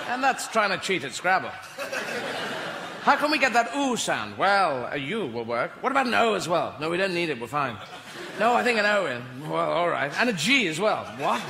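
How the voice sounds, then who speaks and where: A man with an English accent performing a rambling, playful stand-up comedy set on a large theater stage. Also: high voice. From Britain. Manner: rambling, playful, voices imaginary characters. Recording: echoey hall with audience noise. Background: audience laughter.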